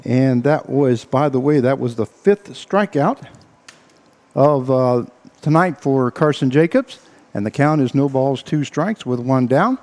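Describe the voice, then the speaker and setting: A man calling a local baseball game as play-by-play announcer, out of breath and talking in halting bursts full of uhs. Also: mid-range voice, expressive, a little mellow. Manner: halting, filler-heavy play-by-play with frequent uhs. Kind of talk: baseball radio commentary.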